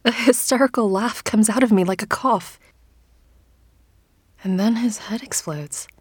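A woman narrating a first-person story in an audiobook, in a hushed, often whispered, intimate delivery. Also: on the high side, measured pace, husky, dry recording.

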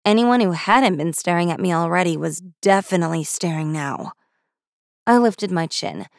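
A woman narrating a first-person fantasy story in a wry, brisk way. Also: lowish voice, expressive, no room sound, clean studio sound. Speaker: audiobook narrator.

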